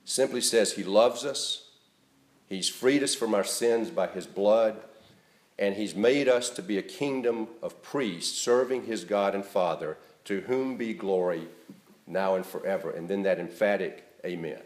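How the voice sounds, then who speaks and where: A male pastor giving an earnest, emphatic sermon that rises in stress and then drops to a soft, quiet close. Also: fairly low pitch, unhurried, roomy sound. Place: church.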